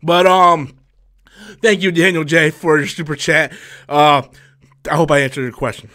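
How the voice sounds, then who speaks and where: A man's voice: on the high side, fairly even intonation, moderate pace, pushed and bright. A man hosting a casual live stream, ranting in a heated, profane way with lots of swearing and loose, restarting speech. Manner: many fillers and restarts, loose talk.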